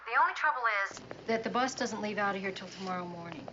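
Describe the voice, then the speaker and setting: An actress playing a cheerful wife who calls home with news. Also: female voice, mid-range voice, quick pace, bright, forceful tone, natural voice. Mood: bubbly. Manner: bubbly and upbeat. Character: bubbly woman calling home, cheerful. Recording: dull old TV sound with faint noise.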